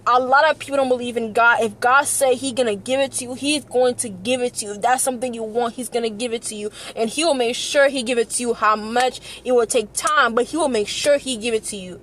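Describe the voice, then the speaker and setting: A woman's voice: on the high side, fairly even intonation, fairly quick, hardly any pauses, a bit bright, slight background noise. A young woman vlogging in an earnest, passionate way, often repeating herself. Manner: earnest, passionate, repetitive, tearful at times. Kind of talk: emotional personal vlog.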